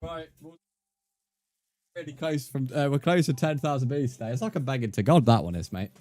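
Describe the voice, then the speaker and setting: This game streamer has a mid-range, mellow voice and talks fairly quickly with no room sound. He keeps things laid-back and chatty with his viewers while playing, calling them mate.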